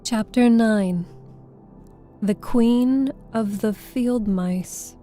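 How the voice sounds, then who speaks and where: A woman narrating a classic children's audiobook in a slow, gentle storytelling way. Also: fairly high pitch, faint music behind.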